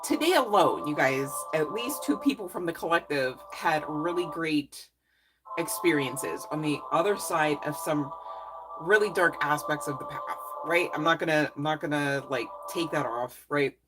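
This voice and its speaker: Woman, deep voice, psychic reader, effusive, encouraging, chatty, music playing behind. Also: animated, moderate pace, rough recording. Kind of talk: casual live reading chat.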